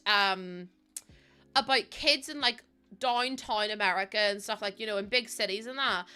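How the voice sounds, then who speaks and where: Woman, young, livestream chat, giggly, rambling, slightly high, bright tone. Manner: chatty, giggly, rambling with lots of fillers. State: heavily pregnant. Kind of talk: casual chat while building in a game.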